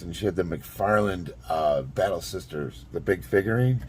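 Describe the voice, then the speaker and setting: A man's voice: low voice, normal speed, slight background noise. A middle-aged man telling a story in a casual vlog, rambling, chuckling now and then, with lots of fillers. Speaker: vlogger.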